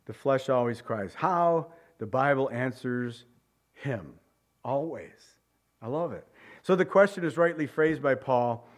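A man preaching a sermon, addressing the listeners directly, repeating key words and swinging from loud cries to hushed low emphasis. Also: moderate pace.

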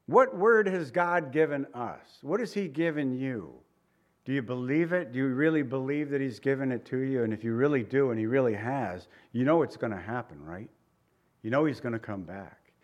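A man's voice: mid-range voice, normal speed, highs cut off. A middle-aged man preaching a sermon in a conversational way, asking the listeners rhetorical questions. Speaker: pastor.

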